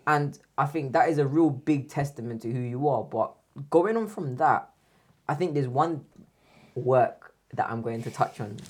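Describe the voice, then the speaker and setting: A man's voice: medium pitch, moderate pace, breathy edge. A man hosting an interview podcast, rambling and correcting himself as he goes. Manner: rambling, restarts, self-correcting. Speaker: podcast host. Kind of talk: casual interview.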